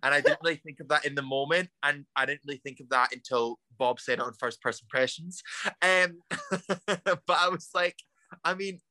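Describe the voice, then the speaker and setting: A young Scottish man being interviewed as a drag performer, animated and quick to laugh, calling everyone "girl". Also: fairly high pitch, no echo. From Scotland. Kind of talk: casual interview chat.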